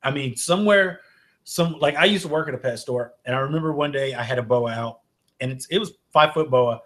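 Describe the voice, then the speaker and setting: A man's voice: mid-range voice, a little fast, a bit bright. A man hosting a podcast, talking bluntly and with a lot of swearing in a casual chat. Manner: blunt, profane, ranting. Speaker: podcast host.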